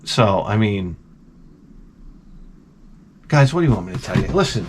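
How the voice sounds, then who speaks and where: Animated, wry man in his forties. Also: lowish voice, a little slow, background noise. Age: 40s. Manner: animated, rambling, profane and wry. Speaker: vlogger. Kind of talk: casual storytelling monologue.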